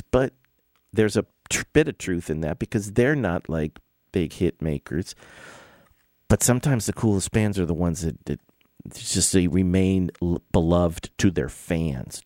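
Here a middle-aged man hosts his own podcast, casually spinning music stories with fillers and false starts. The voice is low-pitched and mellow, captured dry at studio quality.

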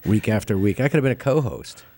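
A man's voice: lowish voice, lively intonation, fast, mellow, no echo. A man, a podcast guest, reacting enthusiastically in casual chat.

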